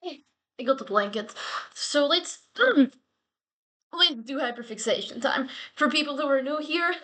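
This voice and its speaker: Rambling playfully from one thing to the next, the host of a daily solo vlog chats casually in a high-pitched, slightly bright voice.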